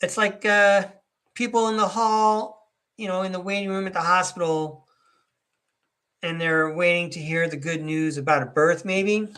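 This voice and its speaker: A man's voice: high-pitched, fairly even intonation, unhurried, fairly bright tone, clean tone. A middle-aged man giving a chatty, upbeat live tarot reading and speaking to viewers by name. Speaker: tarot reader hosting a live stream.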